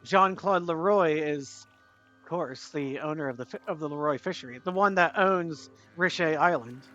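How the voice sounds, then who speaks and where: A man's voice: a little high, moderate pace, sharp tone, muffled recording, soft background music. A man narrating a tabletop game as game master, rambling with many fillers and restarts.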